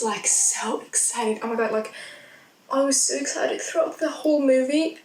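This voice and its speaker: A young woman chatting excitedly in a rambling film review vlog. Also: on the high side, moderate pace, long pauses, slight background noise. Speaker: vlogger. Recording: echoey sound, mic at a distance.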